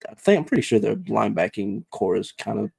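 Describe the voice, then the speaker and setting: A man co-hosting a sports podcast, giving measured analysis with lots of ums and you-knows. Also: on the low side, expressive, gravelly, darkish tone, slightly rough, dry recording. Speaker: podcast co-host.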